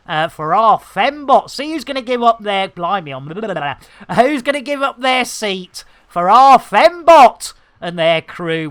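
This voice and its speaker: A middle-aged British man chatting casually and cheekily while live-streaming a space game, full of jokes and sudden excited exclamations. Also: extremely high pitch. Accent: British English.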